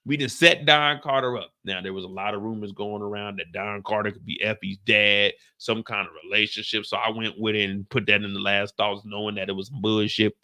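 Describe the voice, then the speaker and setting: A man recapping a TV finale in casual commentary, acting out the characters in high and low voices. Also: monotone, brisk, hardly any pauses, bright, forceful tone. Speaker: show reviewer.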